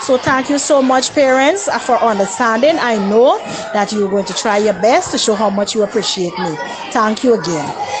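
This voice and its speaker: A woman's voice: fairly high pitch, moderate pace, background noise. A woman leaving a voice message for parents, sweetly hinting and hesitating with many ums. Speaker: teacher in a circulated voice note.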